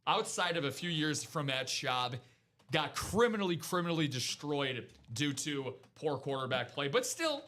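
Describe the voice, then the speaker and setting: A man's voice: on the high side, normal speed, bright, forceful tone. A man hosting a live sports card break, chatting casually about football and hyping deals to viewers in an upbeat way. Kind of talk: casual sports chat and sales pitch.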